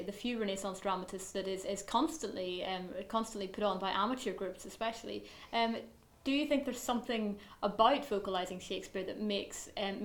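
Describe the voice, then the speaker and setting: A woman's voice: mid-range voice, reverberant. A woman interviewer asking a question, hesitant with fillers.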